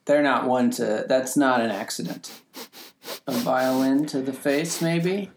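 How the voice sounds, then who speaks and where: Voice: mid-range voice, unhurried, noisy background. A podcast co-host recapping scenes in casual chat, animatedly acting out the characters' lines. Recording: echoey room.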